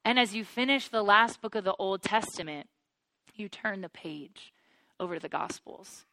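Bright, earnest woman teaching the Bible. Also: mid-range voice, moderate pace, dry recording. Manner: earnest, builds to excited wonder; addresses listeners as "you guys". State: choked up with emotion.

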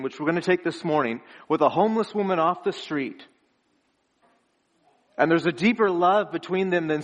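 A young man preaching a conversational sermon as pastor, earnest and storytelling, chuckling between phrases. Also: fairly high pitch.

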